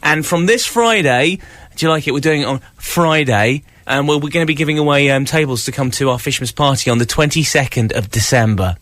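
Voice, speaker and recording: A man's voice: a little high, brisk, hardly any pauses, fairly bright tone, dry recording. A man from England, hosting a breakfast radio show and teasing his co-host while reading news in mock-dramatic tones. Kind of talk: casual radio banter.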